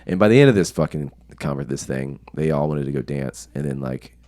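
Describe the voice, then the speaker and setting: A man's voice: very deep voice, animated, a little fast, darkish tone. A young American man, a podcast guest, telling stories casually, swearing often and laughing. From United States. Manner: profane, laughing storyteller. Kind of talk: casual storytelling.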